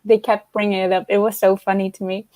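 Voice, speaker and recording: Giggly book club host. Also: female voice, medium pitch, little pitch movement, quick pace, dark tone, no echo. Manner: chatty, giggly, trails off with fillers. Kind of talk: casual online book discussion. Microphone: video call.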